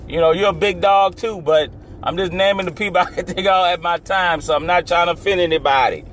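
Podcast host, male, casual solo monologue, higher voice, rambly and repetitive, fight-announcer hype. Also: fairly quick, fairly bright tone, a little hiss or hum. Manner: rambling and repetitive, with restarts and stumbles; hypes the matchup like a fight announcer.

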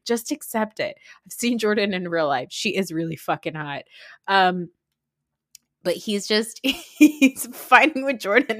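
A woman hosts a casual podcast chat, laughing through her lines and swearing freely with excitable energy. Her voice sits at an ordinary middle pitch. The recording is dry and close, with no room sound. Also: unhurried, dry recording. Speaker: podcast host. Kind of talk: casual reality TV recap.

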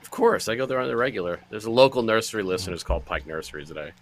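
A man co-hosting a casual movie podcast, riffing through absurd rambling bits with a deadpan delivery. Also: fairly low pitch, very fast. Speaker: podcast co-host. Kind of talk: casual chat.

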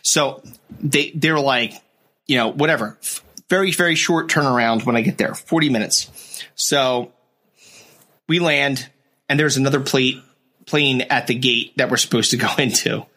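A man's voice: mid-range voice, moderate pace, pauses often. A man in casual chat, telling a travel story with lots of swearing and acting out other people's voices. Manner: animated, profane, acts out other people's voices.

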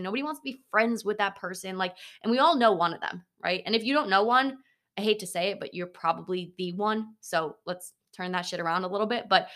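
A young woman hosting a motivational podcast, talking bluntly and swearing freely, with animated asides. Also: mid-range voice. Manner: animated, slips into mocking voices of others. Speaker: podcast host.

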